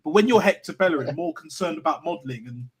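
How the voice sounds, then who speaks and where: A man joining a fan show over a video call, talking in slangy, sweary, animated banter. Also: fairly high pitch, fast, slightly rough. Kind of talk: casual banter.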